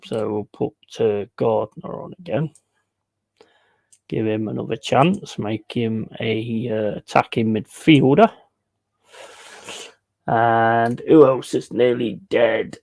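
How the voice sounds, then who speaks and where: A laddish man on a casual live stream, his voice a bit rough and gravelly. He rambles through a story, swearing freely, with asides like "and all this, that and the other." The sound is close and dry, with no room around him. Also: mid-range voice, a little mellow, dry recording. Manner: rambling anecdote with repeated asides. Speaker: streamer playing a football management game.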